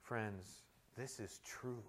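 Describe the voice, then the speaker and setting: A male pastor preaching a sermon, moving between loud emphatic climaxes and quiet, intimate stretches. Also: on the low side, steady tone, drawn-out words, slight background noise. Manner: tells humorous anecdotes, shouting quoted amens.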